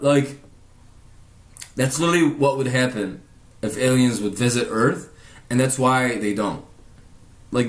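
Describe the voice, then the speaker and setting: A man's voice: medium pitch, roomy sound. A man telling a rambling, profane story in casual vlog narration, laughing often. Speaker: vlogger narrating over a speed painting.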